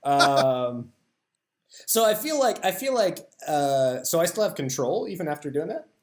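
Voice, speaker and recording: A man's voice: fairly high pitch, sing-song, a little slow, reverberant. A man playing a tabletop wrestling game, thinking aloud hesitantly with lots of fillers. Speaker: player. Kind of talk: casual tabletop game play.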